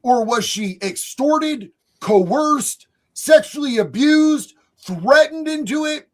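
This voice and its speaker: A man hosting a live stream, reading chat messages aloud in a loud, excitable way, often shouting. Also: very high-pitched, takes it slowly.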